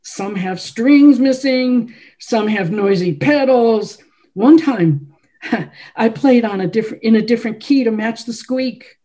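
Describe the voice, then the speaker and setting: A woman voicing an ailing, intense male composer who speaks slowly, with weight on his words. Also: fairly high pitch, mellow, voice pushed up, close to an everyday voice. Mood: lively. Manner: slow, weighted speech.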